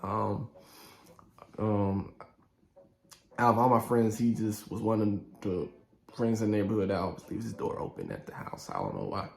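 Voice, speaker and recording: A man telling a story from his youth in a casual vlog, animated and slangy, acting out the scenes. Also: fairly low pitch, normal speed, gravelly, long pauses. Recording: echoey room with faint music.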